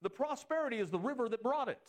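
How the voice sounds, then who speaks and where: Animated preacher man. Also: fast talker. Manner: animated preaching, swings pitch up for emphasis. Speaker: pastor. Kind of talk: sermon.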